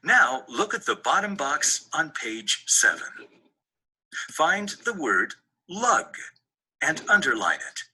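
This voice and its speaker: A man with a bright, keen voice that has a husky edge reads workbook directions aloud. He speaks slowly, in a steady scripted manner, and his pitch moves around a lot. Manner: slow, even-toned reading of directions. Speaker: recorded lesson narrator. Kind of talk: scripted instructions.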